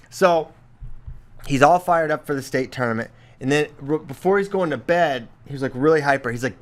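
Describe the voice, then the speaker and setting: A man in his thirties co-hosting a casual podcast chat, telling animated stories and mimicking his son's voice. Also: a little high, normal speed. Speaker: podcast co-host.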